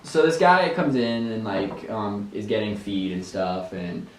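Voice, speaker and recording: A man's voice: lowish voice, unhurried. A young man chatting casually as a podcast co-host, telling a story with lots of fillers and bursts of laughter. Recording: roomy, distant mic.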